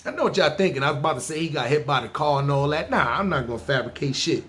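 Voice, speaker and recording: A man from New telling a story on his podcast, lively and full of slang and profanity. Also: a little high, fast. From New York. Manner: animated, profane, slangy, talks to listeners. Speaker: podcast host. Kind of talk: storytelling monologue.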